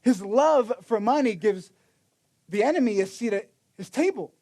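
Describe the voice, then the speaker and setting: A man's voice: sits high, lively intonation, moderate pace, dark tone. A man preaching a sermon in a casual storytelling way, acting out the quotes with many restarts. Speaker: pastor.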